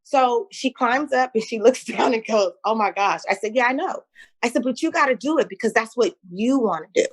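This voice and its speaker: Woman, middle-aged, higher voice, lively storyteller, acts out quotes. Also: brisk, slightly rough. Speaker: guest entrepreneur. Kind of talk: casual interview chat.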